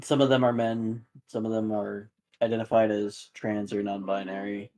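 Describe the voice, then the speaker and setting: A man's voice: fairly low pitch, little pitch movement, normal speed, mellow, lightly acted. A man voicing a businesslike female secret agent answering questions over the phone in a tabletop game, with a dry, matter-of-fact delivery.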